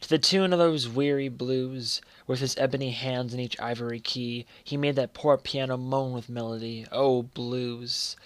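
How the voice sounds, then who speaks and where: A man reciting poetry in a measured way, letting the ends of lines fall quiet. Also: mid-range voice, steady tone, clean tone, no room sound. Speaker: poetry reader.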